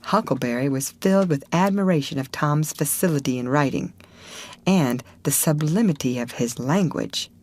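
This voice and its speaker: A woman reading a novel aloud as an audiobook narrator, measured and steady. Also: sits low. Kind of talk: scripted narration.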